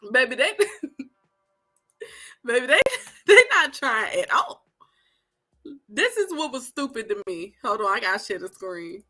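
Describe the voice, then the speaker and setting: A woman, giving animated, sassy commentary straight to her viewers. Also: fairly high pitch, unhurried, pauses often. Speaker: online commentator.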